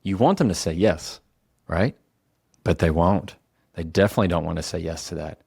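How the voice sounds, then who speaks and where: A man giving casual advice on calming heated conversations, talking conversationally and slowing his words for emphasis. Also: sits low, gravelly, breathy edge, dry recording, clean studio sound. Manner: conversational, self-correcting, slows down for emphasis. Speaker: communication coach. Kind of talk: casual instructional talk.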